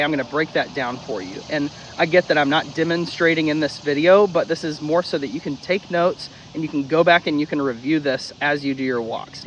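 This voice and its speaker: A man teaching dog training in a casual, blunt way, his voice sitting a little high. He drills key steps by repeating them and drops the odd swear word. There is faint background noise behind him. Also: muffled recording. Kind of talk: casual instructional talk.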